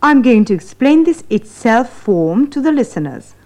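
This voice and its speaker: A woman's voice: fairly high pitch, big pitch swings, moderate pace, over music. Playful woman presenting a radio English lesson. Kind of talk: scripted radio lesson banter.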